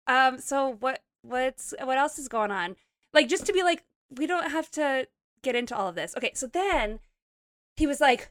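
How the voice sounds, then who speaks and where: A woman from Montana in casual chat, telling a dating story with animated, playful quoting. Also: high-pitched, normal speed, no echo, clean studio sound. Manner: animated storytelling, quotes people in playful voices.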